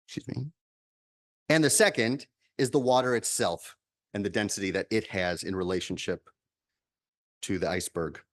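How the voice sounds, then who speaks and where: A male minister giving a measured, reflective sermon, repeating key lines for emphasis. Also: on the low side.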